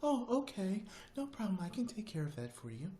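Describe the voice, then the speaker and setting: A man's voice: sits high, sing-song, fairly quick, dark tone, voice pushed up. A man voicing a prim, sweet, old-fashioned woman who talks in a polite, genteel, sing-song way. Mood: prim, cheery.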